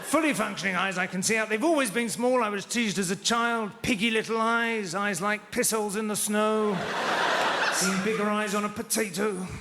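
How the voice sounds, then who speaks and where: A man doing stand-up with an educated southern English accent and a dry, deadpan, self-deprecating delivery. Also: high voice, moderate pace, very noisy. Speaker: stand-up comedian. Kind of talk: stand-up routine. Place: large theatre with live audience. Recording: echoey theatre with loud crowd laughter.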